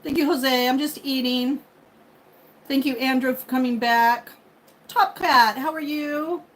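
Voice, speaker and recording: Woman, fifties, livestream host, casual chatty talk, somewhat high pitch. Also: steady tone, measured pace, poor audio. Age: 50s. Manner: chatty, thanks viewers by name. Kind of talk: casual live chat with viewers. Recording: faint background noise.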